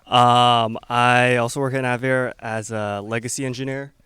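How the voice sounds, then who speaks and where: Upbeat young man, very smooth voice. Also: mid-range voice, level tone, moderate pace, bright, forceful tone, no echo, clean studio sound. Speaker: engineer mentor. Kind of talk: self-introduction at an event.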